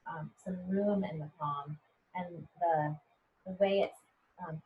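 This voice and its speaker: A woman's voice: fairly low pitch, slightly rough. A middle-aged American woman, a poet and professor, teaching a poetry workshop over a video call in a conversational way, often checking in with "right?". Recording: dull lo-fi video call audio.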